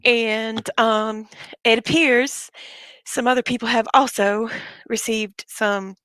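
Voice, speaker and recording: Her voice is a little high, steady, clear, and resonant with some brightness, and she takes her time; there's no room sound. Though sick with covid and short of breath, this livestreamer goes on a blunt, fired-up, profanity-heavy rant in a casual stream.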